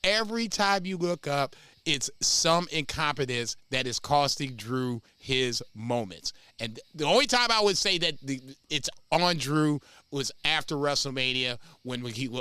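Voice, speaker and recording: Male podcast co-host, lively pitch, bright smooth voice, emphatic and profane, dry room. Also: a little slow, no echo. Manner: animated, emphatic, profane, laughs often. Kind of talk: casual wrestling podcast chat.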